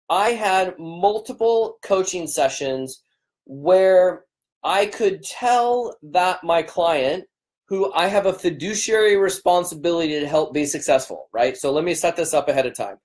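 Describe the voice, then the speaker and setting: A man's voice: high voice, expressive, measured pace, a little mellow. A business coach, a man, chatting casually on a livestream, greeting viewers by name in an upbeat, rambling way, his voice strained and cracking from a long day of talking.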